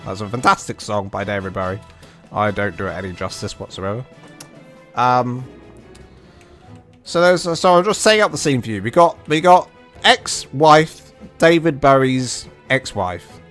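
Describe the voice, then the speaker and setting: A British man streaming a game and telling a rambling story, animated and full of restarts and asides. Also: mid-range voice. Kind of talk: casual storytelling on a livestream.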